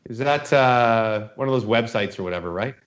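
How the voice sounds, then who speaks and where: A man's voice: mid-range voice, normal speed. Rambling male podcast host, lo-fi sound. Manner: rambling storyteller acting out voices. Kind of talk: casual chat, telling a dream story. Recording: dull lo-fi sound.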